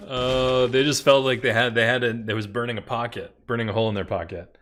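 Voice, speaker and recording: A man's voice: mid-range voice, fairly even intonation, a little fast, fairly bright tone. A man casually commenting on his own card game as he plays, muttering and laughing at his mistakes. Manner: muttering, self-deprecating, laughs at own misplays. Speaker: streamer playing a card game.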